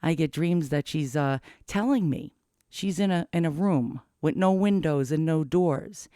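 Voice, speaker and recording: A middle-aged man rambling anxiously to camera in a casual confessional vlog, cursing often and cracking dark jokes. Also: on the high side, unhurried, smooth, dry recording, clean studio sound. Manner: rambling, profane, darkly joking. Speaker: vlogger.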